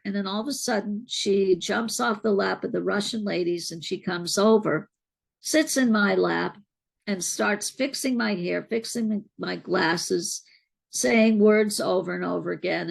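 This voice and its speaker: Woman, middle-aged, very gravelly voice, reflective storyteller, interview guest. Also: mid-range voice. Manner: earnest, reflective, unhurried storyteller. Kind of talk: personal spiritual storytelling.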